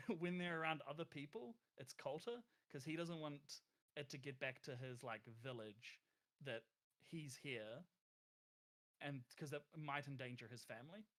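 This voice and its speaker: A man's voice: on the high side, a little slow, a bit bright. A man talking through his character's choices as a player in a casual tabletop game, rambling with many fillers and restarts.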